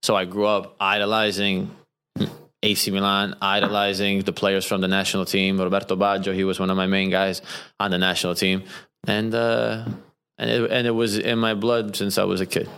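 A man from New Jersey, a soccer player, telling stories in a relaxed, casual interview and laughing often. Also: low voice, normal speed, clean tone. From New Jersey, USA.

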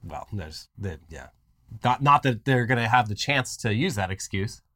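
Man, podcast co-host, casual comedic banter, mock-outraged ranting, animated pitch. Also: normal speed.

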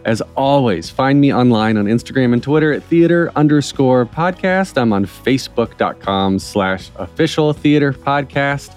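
A man's voice: mid-range voice, darkish tone. Chatty, enthusiastic male podcast host. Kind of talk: casual interview chat.

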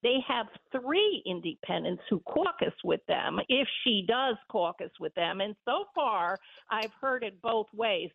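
A woman talking politics in a casual chat, animated and laughing often as she talks. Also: mid-range voice, gravelly. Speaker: political commentator. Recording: tinny phone-line sound.

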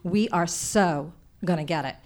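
A woman telling a personal story before a live audience, in an animated, chatty way with many "like"s. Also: on the low side, unhurried.

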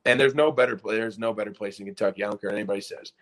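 Young man, podcast guest, excited rambling storyteller, acts out quotes. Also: on the low side, very fast. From Pennsylvania. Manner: excited, rambling, full of restarts and acted-out quotes. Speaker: former college basketball player, guest. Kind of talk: casual storytelling in a podcast interview.

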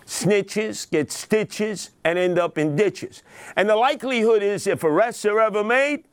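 A man's voice: sits high, clean tone, no echo. A man, hosting a podcast and delivering a dramatic, indignant monologue about crime news, acting out the quotes. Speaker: podcast host.

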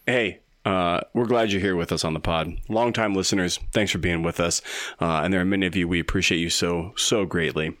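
A man, chatting on a sports podcast. He talks in a folksy, joking way with drawn-out phrasing. The recording is dry and close. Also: sits low, fairly even intonation, fairly bright tone, dry recording. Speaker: podcast co-host. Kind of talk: casual sports podcast chat.

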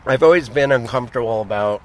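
Quick-paced and mid-range, this podcast co-host's voice comes through with background noise. He's a middle-aged Montanan in casual conversation, spinning long, rambling stories that stop and start again.

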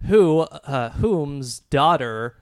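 A man co-hosting a casual podcast chat, pausing often with ums and uhs and laughing as he goes. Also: on the high side, animated, smooth, dry recording, studio quality. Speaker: podcast co-host.

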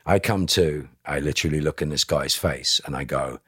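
A man's voice: a bass voice, normal speed, a bit bright, breathy edge, dry recording, clean studio sound. A man in his fifties, a podcast guest, telling a dramatic personal story bluntly and with emphasis, swearing and acting out what others said. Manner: blunt, emphatic, swears, acts out quoted speech. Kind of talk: emotional storytelling.

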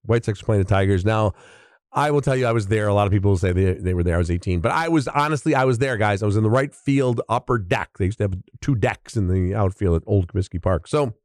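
Chatty man in his 60s, dry sound. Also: no room sound. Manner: chatty, animated, swinging pitch for emphasis. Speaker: podcast host. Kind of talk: casual storytelling monologue.

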